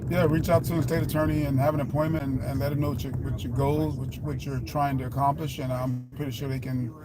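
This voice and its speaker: A man's voice: mid-range voice, level tone, fast. A man with a Texan accent chatting casually on a live stream, answering viewers in an earnest, rambling way and repeating himself. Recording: heavy vehicle and traffic noise.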